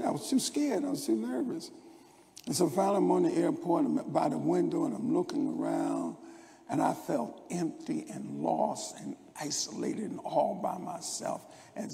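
A man's voice: a little high, gravelly, warm tone. An older man preaching a sermon as pastor, rambling through stories with stammered restarts. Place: church sanctuary. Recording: long church hall reverb.

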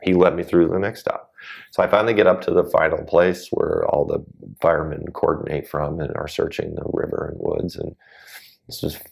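A man's voice: a bass voice, steady tone, moderate pace, creaky. A man as a guest on an interview show, telling a personal story earnestly and acting out the voices of people he quotes.

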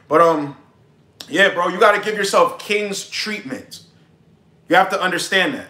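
A man's voice: high voice, normal speed, pauses often, bright, forceful tone, reverberant. A young man giving brash, profane dating advice in a casual livestream monologue.

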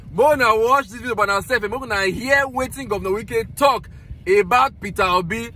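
A Nigerian vlogger with a Nigerian Pidgin accent chats casually to his viewers, chuckling as he talks. His voice is high and bright. A faint hiss sits underneath. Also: moderate pace. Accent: Nigerian Pidgin English. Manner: chuckling, urging viewers to share. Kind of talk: casual video commentary.

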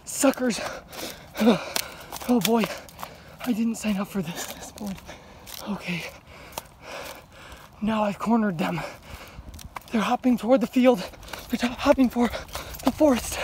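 A woman hosting an outdoor vlog, narrating a mock-dramatic adventure in a deadpan, jokey way, out of breath and warning viewers with fake seriousness. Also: a little high, unhurried, long pauses, noisy background. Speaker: vlog host. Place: outdoors in a swampy field.

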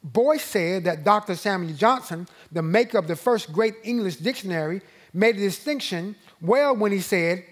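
A man leading a church Bible study, slow and emphatic, repeating key phrases and rising when he reads scripture aloud. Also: sits high, animated. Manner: rises and slows when reading scripture aloud. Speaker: pastor teaching Bible study.

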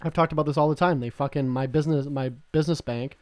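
A man's voice: fairly high pitch, fairly even intonation, fast talker, a little mellow, dry recording. A young man from Canada co-hosting a podcast, talking in a rambling, profane way with many restarts. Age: young adult. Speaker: podcast co-host. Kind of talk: casual chat.

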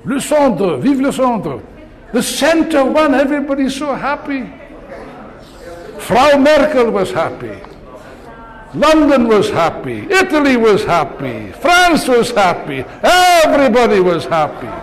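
A man's voice: very high voice, wildly swooping pitch, unhurried. An older man giving a rousing political speech, sarcastic and full of rhetorical questions, before an audience in a large hall. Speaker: political speaker.

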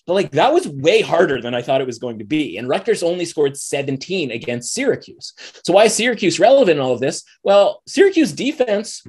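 A man analyzing football bets in a casual, animated podcast chat, peppering his talk with "like" and "right?". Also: fairly high pitch, brisk, slightly rough. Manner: animated, conversational, lots of "like" and "right?". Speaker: betting analyst.

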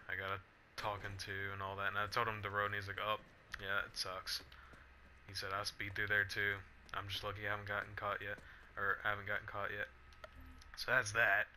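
Bright-voiced young man chatting over gameplay. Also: on the low side, slight background noise. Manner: rambling storyteller, frequent restarts and fillers; breaks off to react to the game. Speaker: gamer vlogger. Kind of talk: casual chat over gameplay.

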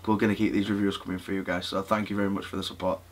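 A man co-hosting a review, briskly thanking viewers and supporters. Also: sits low, level tone. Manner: brisk, polite sign-off thanks. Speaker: co-host.

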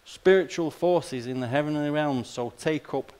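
A man preaching a sermon in a casual, direct way, firing off rhetorical questions and dry asides. His voice sits a little higher than most men's. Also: moderate pace, darkish tone, clean tone. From Australia. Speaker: pastor.

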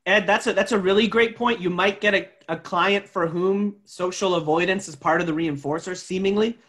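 A man with a slightly raised pitch talks through a professional topic on a video call. He speaks earnestly, stumbling and repeating words as he gathers his thoughts. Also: fairly even intonation, moderate pace, fairly bright tone. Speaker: co-host presenter. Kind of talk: professional webinar discussion.

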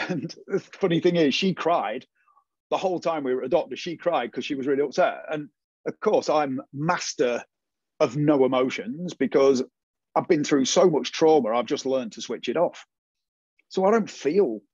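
A man's voice: fairly high pitch, moderate pace, slightly rough, no echo. Man telling his story, muffled sound. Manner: animated storytelling, acts out quoted voices. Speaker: guest. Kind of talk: casual interview chat.

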